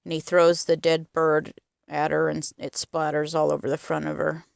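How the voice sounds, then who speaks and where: Woman walking thru a movie plot, smooth clear voice, dry close sound, really earnest. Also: low-pitched, completely flat delivery, moderate pace, dry recording. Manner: earnest, emotional emphasis. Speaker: film reviewer. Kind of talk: retelling a film plot.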